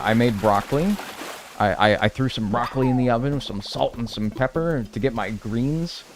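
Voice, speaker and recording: A young man streaming a life-sim game, rambling casually and answering chat with self-deprecating humor. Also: mid-range voice.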